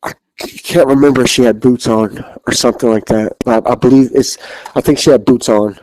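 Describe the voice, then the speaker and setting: A man's voice: medium pitch, steady tone, brisk, darkish tone, no room sound, poor audio. A man telling a haunting story as a podcast guest, rambling, repeating himself and swearing freely. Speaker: interview guest.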